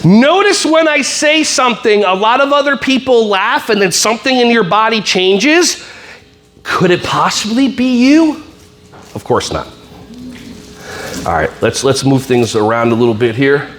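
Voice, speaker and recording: A man's voice: sits high, big pitch swings, fairly bright tone. A man giving a comedic, motivational talk to school staff, teasing the audience and acting out kids and teachers. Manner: playful, teasing, acts out kids and teachers in quick voices. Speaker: speaker at a staff wellness workshop.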